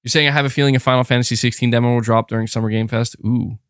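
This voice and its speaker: A man's voice: medium pitch, fairly even intonation, rapid-fire, clean tone, no echo, clean studio sound. Chatty streamer man reading chat. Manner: rambling, hesitant, lots of fillers and restarts. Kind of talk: casual livestream chat.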